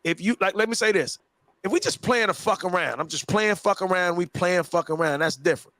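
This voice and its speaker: A man's voice: high-pitched, fairly quick, a bit bright, dry recording. A man hosting a podcast, ranting in a profane, emphatic way and repeating himself to hold the floor. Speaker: show host. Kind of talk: casual podcast rant.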